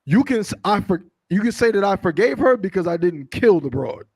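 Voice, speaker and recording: Male class member with a high voice, earnest and talkative, reading scripture. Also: sing-song, a little fast, a little mellow, breathy edge, dry recording. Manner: repeated affirmations, earnest questions. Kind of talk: call-and-response and scripture reading.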